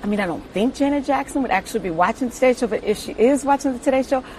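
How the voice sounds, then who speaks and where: A woman from the United States interviewing a guest, enthusiastic and quick with exclamations and laughter. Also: on the high side, lively intonation, darkish tone, slight background noise. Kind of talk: casual interview conversation.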